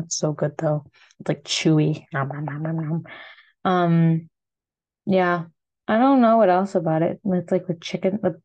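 Woman, young adult, American accent, casual vlog chat, filler-heavy, upbeat, slightly low pitch. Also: vocal fry, mellow, muffled recording. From United States. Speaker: food vlogger. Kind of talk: casual solo food chat.

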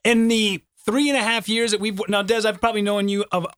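A man on a radio show speaking in a mild, soft-spoken, self-deprecating way during casual banter. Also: high voice, little pitch movement, brisk, smooth, dry recording, studio quality. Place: radio studio. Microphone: studio mic.

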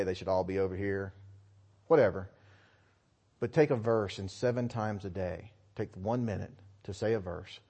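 A middle-aged man giving a sermon in a church, dropping to quiet asides and rising to loud, emphatic readings of scripture. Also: medium pitch. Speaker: preacher.

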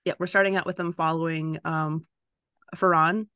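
A woman's voice: low voice, fairly even intonation, normal speed, bright, forceful tone, clean tone, no room sound, clean studio sound. A woman co-hosting a podcast, chatting casually about a book, rambling and laughing often. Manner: giggly, rambling storyteller. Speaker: podcast co-host.

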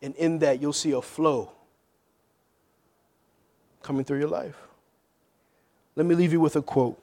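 A man. He drops to near-whispered asides, then climbs into loud, shouted calls to the church. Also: fairly high pitch, steady tone, unhurried. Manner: call-and-response preaching, swinging from hushed to shouting. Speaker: pastor. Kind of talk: sermon.

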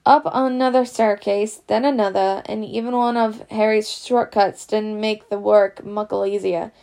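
A woman's voice: medium pitch, fairly even intonation, a little slow, gravelly, darkish tone. Woman reading a storybook. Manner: casual, unpolished reading. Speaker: reader. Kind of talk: storybook read-aloud.

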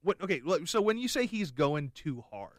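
A man's voice: fairly high pitch, sing-song, normal speed, no echo, studio quality. A young man hosting a podcast in casual chat, rambling and joking with many restarts. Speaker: podcast host.

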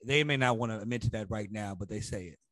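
A man's voice: lowish voice, quick pace, fairly bright tone, no room sound. A young man co-hosting a podcast in a casual, playful way, joking and swearing freely. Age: young adult. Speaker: podcast co-host.

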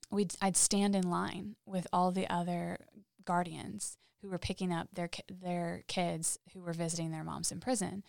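Low, gravelly-voiced woman guest. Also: no echo, studio quality. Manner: halting and heartfelt, with frequent restarts. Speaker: podcast guest. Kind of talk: candid interview storytelling.

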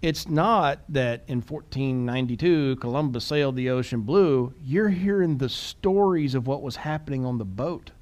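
Chatty, quick-talking male podcast host. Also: mid-range voice. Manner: chatty, restarts and repeats words; animated and quick. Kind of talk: casual podcast chat.

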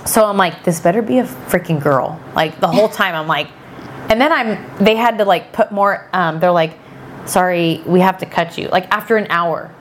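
A podcast guest in her thirties tells a story with her slightly low voice. She keeps the chat animated and acts out other people's lines. She sounds casual and talkative. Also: moderate pace, slight background noise. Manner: animated, chatty, quotes people often.

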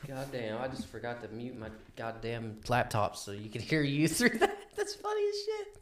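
Loud, laughing, cursing male podcast host. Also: mid-range voice, big pitch swings, normal speed. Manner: loud, laughing, swears a lot. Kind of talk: casual podcast chat.

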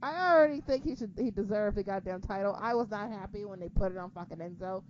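Foul-mouthed, animated woman ranting. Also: mid-range voice, fast talker. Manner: animated, swears a lot, rants. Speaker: co-host discussing wrestling. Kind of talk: casual chat. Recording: dull lo-fi recording with faint noise.

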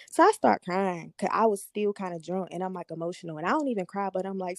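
A young woman hosting a podcast, telling a personal story in a candid, profane, animated way. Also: fairly low pitch, quick pace, gravelly, hardly any pauses, no room sound, clean studio sound. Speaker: podcast host. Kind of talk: casual storytelling chat.

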